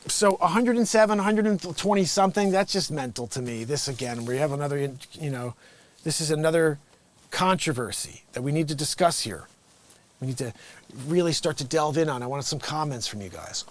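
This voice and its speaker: A man's voice: fairly high pitch, animated, a little fast. A man hosting a livestream, chatting casually and jokingly about a Bible reading, laughing often. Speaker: livestream host.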